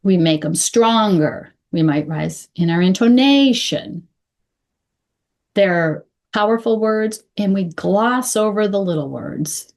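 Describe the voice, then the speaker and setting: A woman coaching clear English, speaking deliberately and modeling phrases slowly with pauses. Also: mid-range voice, animated, darkish tone. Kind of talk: instructional talk to camera.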